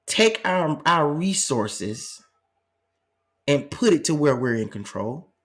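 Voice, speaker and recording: A man hosting a live commentary stream, arguing with passion and firing off rhetorical questions. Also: medium pitch. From United States. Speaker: channel host.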